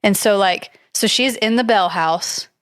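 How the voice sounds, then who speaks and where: A woman's voice: mid-range voice, unhurried, fairly bright tone, clear, resonant tone, no echo, studio quality. Chatty woman retelling a ghost story. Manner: chatty, hedging, reads from notes with frequent likes and I don't knows. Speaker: podcast co-host. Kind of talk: casual storytelling chat.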